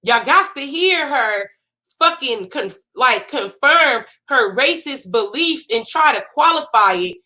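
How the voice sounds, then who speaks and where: A woman's voice: high voice, expressive, slow pace, bright, forceful tone. A woman hosting a livestream, ranting to her viewers in casual, indignant commentary. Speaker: commentary host. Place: home livestream setup.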